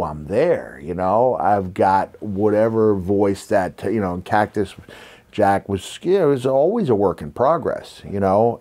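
A podcast host in his fifties who used to wrestle tells rambling, reflective stories in casual chat, leaning on many fillers. He has a slight New York accent and a fairly low voice with a darkish tone.

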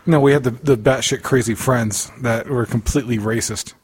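A man's voice: mid-range voice, steady tone, moderate pace, slightly rough. A man in his forties co-hosting a podcast, telling wry stories in casual chat. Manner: wry, storytelling. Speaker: podcast co-host.

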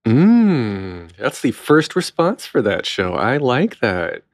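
A man's voice: medium pitch, very animated, slow pace, no echo, studio quality. Chatty, enthusiastic male podcast host. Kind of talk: casual interview chat.

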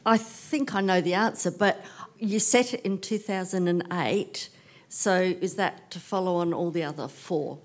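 A woman's voice: fairly low pitch, normal speed. A woman in the audience hesitantly asking a question.

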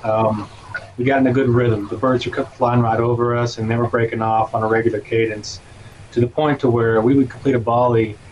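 Flat-voiced man on dull lo-fi audio. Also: mid-range voice, fairly quick, slight background noise. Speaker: guest, camera operator. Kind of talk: casual podcast chat.

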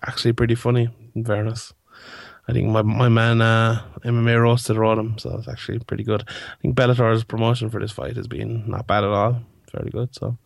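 A man's voice: fairly low pitch, little pitch movement, brisk, gravelly, no room sound, clean studio sound. A young man hosting a casual sports podcast, rambling with lots of fillers and restarts. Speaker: podcast host.

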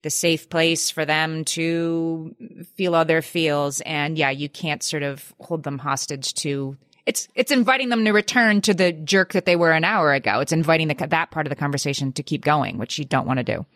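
A woman co-hosting a chat show, calmly summing up expert advice. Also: low voice, no room sound, clean studio sound. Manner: measured, sums up expert advice. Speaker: podcast co-host. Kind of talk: casual chat.

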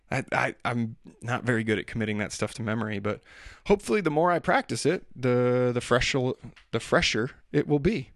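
A man's voice: mid-range voice, animated, brisk, dry recording. Man, casual monologue, self-deprecating, rambling, dry recording. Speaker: father talking about daily life.

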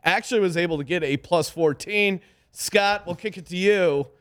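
Upbeat podcast host, slightly high voice. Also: male voice, normal speed, clear, resonant tone. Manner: animated, reads ads loosely and jokes. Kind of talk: casual sports betting chat.

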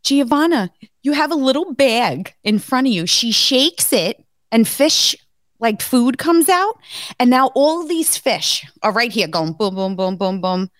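A woman with a somewhat high voice tells lively stories on a podcast, swearing freely and laughing often. The sound is dry and close, with no room echo. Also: measured pace. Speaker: podcast co-host. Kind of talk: casual chat.

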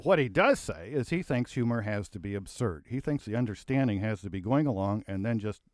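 A man co-hosting a casual talk show, with dry wit and a measured delivery. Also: on the low side, expressive, darkish tone, no echo. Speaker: co-host.

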